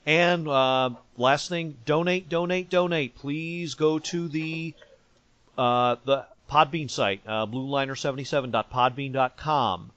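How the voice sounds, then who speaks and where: A man's voice: a little high, unhurried, a bit bright. Joking male podcast host, lo-fi sound. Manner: joking, rambling, many fillers. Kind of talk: casual sports podcast chat. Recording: dull lo-fi sound.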